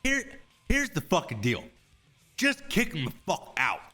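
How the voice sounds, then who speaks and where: Profane ranting man with a lively voice. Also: fairly high pitch, a little slow. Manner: profane, loud, sarcastic outbursts. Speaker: streamer commentator. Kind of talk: ranting reaction commentary.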